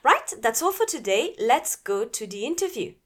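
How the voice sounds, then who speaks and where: A woman with a French accent hosts a podcast in a somewhat high, upbeat voice. She reads show announcements and asks her guest questions cheerfully. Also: big pitch swings, normal speed. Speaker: podcast host. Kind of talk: podcast host reading promos and interviewing.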